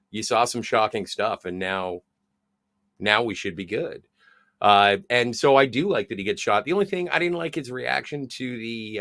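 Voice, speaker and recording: A man's voice: on the low side, bright, forceful tone, no echo. Man musing on a show, dry sound. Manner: musing, talks through his reactions. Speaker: podcast co-host. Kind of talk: casual chat.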